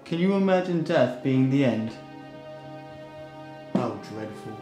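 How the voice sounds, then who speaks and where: A man voicing a world-weary undead man with a dark, mellow voice and dry, clipped phrasing. Recorded in an echoey room with faint music underneath. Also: mid-range voice, expressive, takes it slowly. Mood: gloomy. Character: weary undead man who craves brains.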